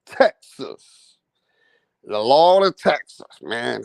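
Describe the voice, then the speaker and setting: An English man hosting a boxing live stream, chatting loosely with his viewers in a joking way and swearing often. His voice sits slightly high, and it is recorded on a close mic with a dry, dead sound. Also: lively intonation, unhurried, no echo. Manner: casual, joking, swears freely, addresses viewers. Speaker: boxing channel host.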